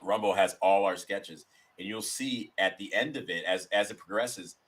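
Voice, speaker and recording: Deep-voiced man telling rambling stories. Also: moderate pace, a bit bright, slightly rough. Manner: rambling, storytelling with restarts. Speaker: guest, sketch comedian. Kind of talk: casual interview chat.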